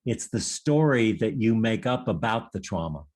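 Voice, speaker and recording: A man's voice: on the low side, animated, moderate pace, darkish tone. Guy teaching a workshop, easygoing and reflective, wanders a bit and restarts sentences. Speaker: workshop leader. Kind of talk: conversational teaching session.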